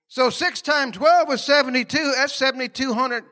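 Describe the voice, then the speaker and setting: A man delivers a sermon at a normal speed in a high, bright voice. His style is folksy and conversational, full of laughing asides, and he repeatedly poses questions to the congregation.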